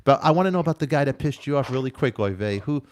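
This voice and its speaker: Animated teasing male talk-show host. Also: mid-range voice, quick pace. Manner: excitable, teasing, repeats himself. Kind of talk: casual live-stream chat.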